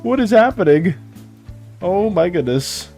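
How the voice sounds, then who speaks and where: A fairly high-voiced man chats loosely with his stream while drawing, his pitch swinging all over as he laughs and repeats himself. Soft music plays faintly underneath. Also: very animated, a little slow. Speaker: art streamer. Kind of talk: casual livestream chat while drawing.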